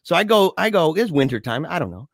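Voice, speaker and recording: A fairly high-voiced man spins a story in loose, slangy banter, laughing as he goes. The sound is close and dry, with no room around it. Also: fast talker, vocal fry, no room sound. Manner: animated, slangy, laughs a lot, says "dude". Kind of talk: casual chat, storytelling.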